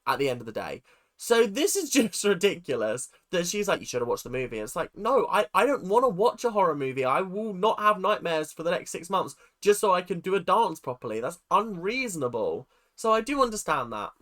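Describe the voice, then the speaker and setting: A woman's voice: on the low side, brisk. A woman hosting a reaction video, ranting and laughing in casual commentary. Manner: animated and ranting, laughing often.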